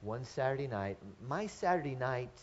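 Speaking in an animated, mid-range voice at a moderate pace, a middle-aged pastor gives an earnest sermon to his congregation. Rhetorical questions and restarted phrases come up often, and the recording is a dull lo-fi one.

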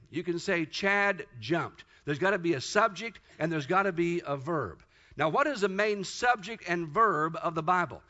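A man preaching a Sunday morning sermon as pastor, emphatic and slowing down to stress scripture. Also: sits high, pushed and bright. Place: church service. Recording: dull lo-fi sound.

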